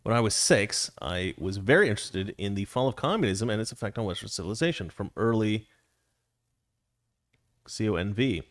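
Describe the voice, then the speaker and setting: A man hosting a talk show, telling an anecdote in a casual, animated way and reading viewer comments, laughing often. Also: on the low side, fairly quick, dry recording, clean studio sound. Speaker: podcast host.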